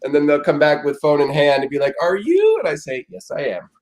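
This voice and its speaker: A man chatting casually as a guest on a stream, relaxed and easygoing. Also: fairly high pitch, fast. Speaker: guest, former competition contestant. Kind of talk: casual chat on a live stream.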